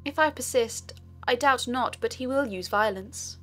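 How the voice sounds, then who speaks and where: A woman voicing a gentle, resolute young princess in a sorrowful, measured way. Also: on the high side, soft background music.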